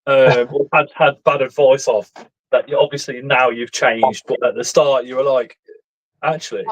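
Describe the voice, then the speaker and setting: Man in his forties, host, chatty, rambling, joking, mid pitch. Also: level tone, moderate pace, rough recording. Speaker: live stream host. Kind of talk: casual chat.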